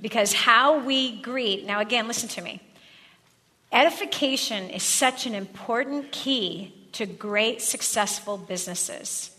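A woman presenting to a live audience in an upbeat, laughing manner. Her voice is bright and forceful, set a little high. The sound carries the long reverb of a large hall. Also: a little slow. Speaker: workshop presenter. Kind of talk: live workshop demonstration.

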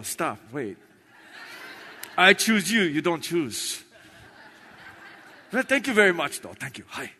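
A man's voice: high-pitched, pushed and bright. A man doing stand-up on stage in a large hall, talking in clipped broken English and chanting lists of names. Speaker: stand-up comedian.

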